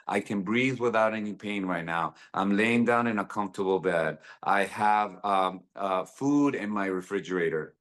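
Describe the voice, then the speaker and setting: Here is a low-voiced man who is a guest author on a video call. He coaches the listener in an earnest, motivational way and stays casual, with plenty of "dude" and "man". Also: fairly bright tone. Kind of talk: casual podcast interview.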